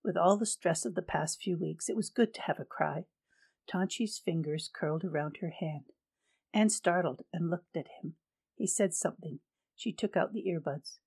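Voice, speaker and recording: A woman narrating a novel in a steady, even reading voice. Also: lowish voice, moderate pace, creaky, breathy edge. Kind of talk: storybook reading.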